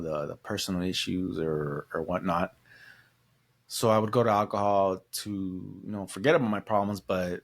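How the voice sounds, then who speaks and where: A man co-hosting a podcast, talking casually and reflectively, with frequent pauses and filler words. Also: lowish voice. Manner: reflective, halting with fillers like "you know". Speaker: podcast co-host. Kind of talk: casual chat.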